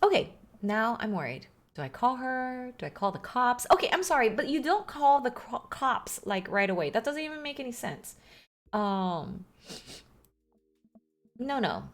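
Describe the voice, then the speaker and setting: A woman's voice: a little high, moderate pace. A woman streaming a game, commenting casually and joking as she reads along. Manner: animated, joking, laughs often. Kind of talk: casual let's-play commentary.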